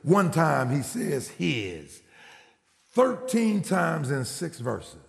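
Gravelly preacher in a reverberant church. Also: male voice, fairly high pitch, wildly swooping pitch, very slow. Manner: storytelling, rising to shouted exhortation. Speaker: pastor. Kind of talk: sermon.

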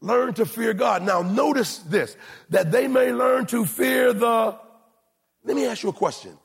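A man preaching a sermon as pastor, moving between shouted lines and low, quiet asides. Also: a little slow, vocal fry, breathy edge, soft background music. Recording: long hall reverb.

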